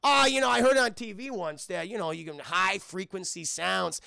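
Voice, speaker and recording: A man's voice: sits high, moderate pace, gravelly, pushed and bright, clean tone, no echo, studio quality, heavily acted. A man voicing a teenage boy hero who plays dumb in a breezy, sly way. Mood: playing dumb. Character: fast-talking teenage boy hero, casual and cocky.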